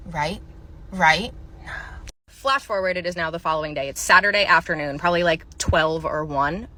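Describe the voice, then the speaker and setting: A woman's voice: lowish voice, fairly quick, bright, forceful tone. A woman telling a comedic retail story and acting out the clerk, sarcastic and casual. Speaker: storyteller, former retail worker.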